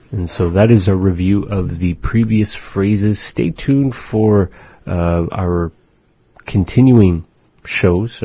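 Low dark-voiced guy teaching words on a radio show, dry close sound. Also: dry recording. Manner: slow, careful pronunciation drills. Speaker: language teacher and show host. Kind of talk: radio language lesson.

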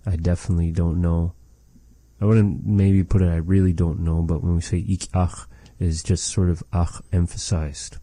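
A man teaching phrases of a language, explaining thoughtfully and pausing to search for words. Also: low voice, little pitch movement, warm tone, no echo.

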